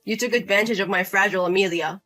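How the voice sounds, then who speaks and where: A woman reading as a firm, protective husband confronting his older brother. Her bright voice stays level and accusing. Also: medium pitch, steady tone, fast talker, faint music behind, natural voice. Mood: stern.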